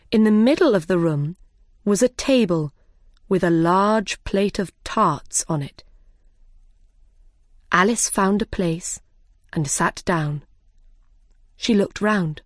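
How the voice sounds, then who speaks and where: A woman narrating a children's storybook in a careful, measured reading style. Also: on the low side, dry recording, clean studio sound. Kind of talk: slow, clear storybook reading.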